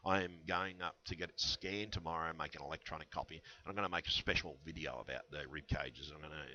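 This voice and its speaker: This vlogger has an extremely low voice with a sharp tone and a quick pace. He rambles conspiratorially to his viewers, full of fillers and restarts. His headset mic gives dull, lo-fi audio.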